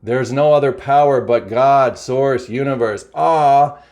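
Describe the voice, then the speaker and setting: A man's voice: mid-range voice, unhurried, a little mellow, lightly acted. A man voicing a mocking, laughing male devil who gloats and taunts.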